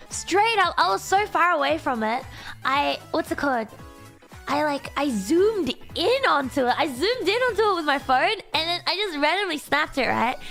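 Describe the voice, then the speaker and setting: A woman's voice: high-pitched, creaky, a bit bright. A woman streamer chatting casually and reading donations, bubbly and giggly with lots of fillers, her voice still sleepy and just waking up. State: sleepy morning voice.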